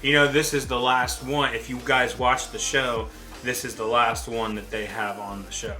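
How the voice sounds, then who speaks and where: A man's voice: mid-range voice, little pitch movement, moderate pace, bright, forceful tone, faint music behind. A man chatting casually to camera for a couple's vlog, talking through a burning mouth with lots of ums. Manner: nervous, chatty, frequent ums. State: mouth burning from hot sauce. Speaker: vlogger.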